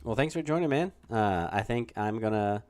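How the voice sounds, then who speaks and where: A man's voice: lowish voice, animated, moderate pace, darkish tone. A man hosting a casual livestream chat, easygoing and rambling. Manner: easygoing, rambling with many fillers and restarts. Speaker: host.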